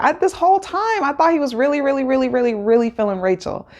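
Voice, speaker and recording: A woman's voice: sits high, sing-song, fast, a little mellow. A woman hosting a casual episode recap, rambling and chatty with many fillers and restarts. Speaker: host.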